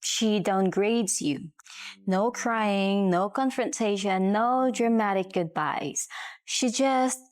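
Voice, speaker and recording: Filipino-accented woman giving measured advice. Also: mid-range voice. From Philippines. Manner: measured and emphatic, with short punchy phrases. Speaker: relationship consultant. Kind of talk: scripted advice monologue to camera.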